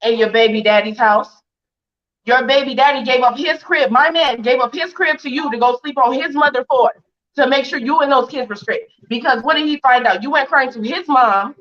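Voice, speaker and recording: A fairly high-voiced woman speaks over a video call, defiant and indignant. She fires off question after question at her critics. The stream audio sounds dull and muffled. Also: moderate pace. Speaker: interview guest. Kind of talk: heated livestream interview.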